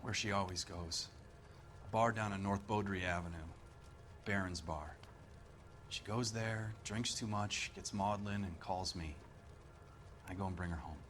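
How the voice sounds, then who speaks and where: An actor playing a defensive husband questioned by police in a video game, nervous and quick to anger. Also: male voice, sits low, fairly bright tone, a little hiss or hum. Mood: bitter. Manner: nervous, then angry outbursts. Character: defensive husband questioned over missing wife.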